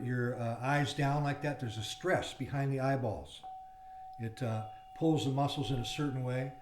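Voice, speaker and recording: A man teaching a yoga class, explaining technique in a loose, rambling way with fillers and breaking into repeated chants. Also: medium pitch. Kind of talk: guided yoga class instruction. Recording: roomy with faint background noise.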